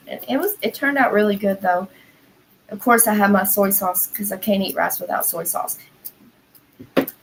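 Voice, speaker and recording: A woman with a Southern American drawl talks loosely to her livestream viewers. Her pitch sits in an ordinary middle range. She rambles from one thought to the next, filling her sentences with "like" and "y'all". A faint hum of room ambience sits behind her. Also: a bit bright, low-quality recording. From Southern United States. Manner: rambling, chatty, heavy use of "like" and "y'all". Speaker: livestream host reading viewer comments. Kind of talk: casual livestream chat.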